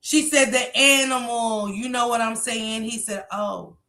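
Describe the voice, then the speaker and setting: Blunt, bright-voiced woman in her forties. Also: on the high side, fairly even intonation, measured pace. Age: 40s. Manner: blunt, profane and emphatic. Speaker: commentary livestream host. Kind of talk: reaction commentary.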